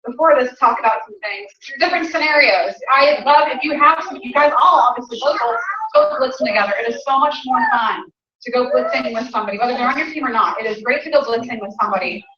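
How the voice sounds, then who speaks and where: A woman's voice: sits high, expressive, quick pace, crowd noise. A chatty Southern US woman with a Southern accent, coaching a small group in a casual training talk and laughing often. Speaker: sales trainer. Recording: roomy, distant, dull.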